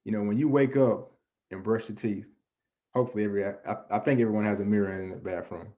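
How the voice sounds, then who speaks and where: A man's voice: on the low side, fairly even intonation, fast talker, dark tone. A man giving a motivational presentation to a young audience. He speaks in an earnest, conversational way, often restarting and filling with "you know", and asks and answers his own questions. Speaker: guest presenter.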